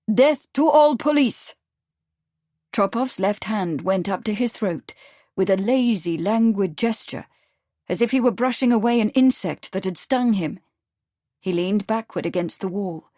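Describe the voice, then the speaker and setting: A woman narrating an audiobook in a steady, even storytelling manner. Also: medium pitch, dry recording, studio quality. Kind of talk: scripted narration.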